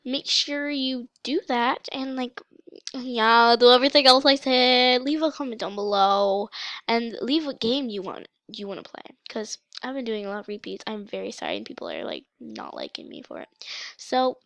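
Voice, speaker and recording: A young woman casually commenting on her gameplay for her channel, chatty and excitable, with a slight cough. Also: a little high, moderate pace, dry recording. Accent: mock British, put on. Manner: chatty, excitable, breaks into gasps and shouts. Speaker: gaming channel host.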